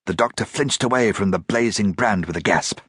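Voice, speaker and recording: A man narrating an audiobook in a steady, measured reading. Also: on the low side, breathy edge, dry recording, studio quality. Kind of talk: scripted narration.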